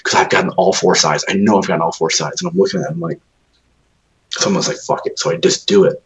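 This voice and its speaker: A man's voice: low voice, steady tone, quick pace, rough recording. A man co-hosting a podcast, telling rambling, profanity-laced stories in casual chat. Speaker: podcast co-host.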